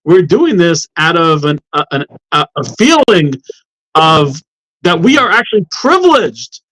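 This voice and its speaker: A man's voice: on the high side, sing-song, unhurried, a bit bright, poor audio. A man guesting on a talk show as a law professor, speaking in an indignant, impassioned way. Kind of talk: heated talk-show discussion.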